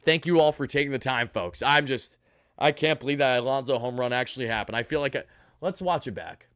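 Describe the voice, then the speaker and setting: A man's voice: medium pitch, fairly bright tone, smooth, no echo, studio quality. Hyped man hosting a postgame stream. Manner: hyped, rapid thank-yous to donors. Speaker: sports channel host.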